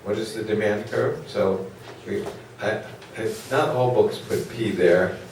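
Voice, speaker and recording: A lower-voiced man lecturing a class in a big echoey hall, picked up from far off. He rambles loosely and keeps questioning the students, with plenty of fillers. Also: fairly even intonation, unhurried, darkish tone, slight background noise. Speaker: economics lecturer.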